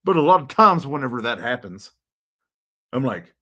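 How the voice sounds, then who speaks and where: A man's voice: medium pitch, big pitch swings, moderate pace, sharp tone, lo-fi sound. A man with a Texan accent hosting a casual live-stream chat, rambling, laughing often and getting worked up. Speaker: host.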